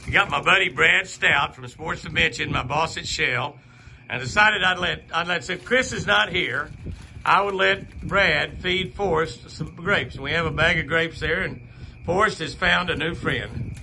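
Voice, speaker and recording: Gravelly, bright-toned rancher. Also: male voice, fairly high pitch, measured pace, a little hiss or hum. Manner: chatty, laughs often, coos and teases the deer. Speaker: ranch owner and channel host. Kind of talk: casual outdoor vlog narration. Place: outdoors on a ranch in the morning.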